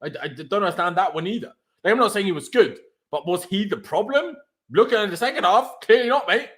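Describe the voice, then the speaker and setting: A man with a notably high voice hosts a live post-match reaction. He rants in exasperation, tripping over his words and swearing freely. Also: expressive, a little fast, a bit bright. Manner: exasperated, stumbling, swearing rant. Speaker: football fan show host.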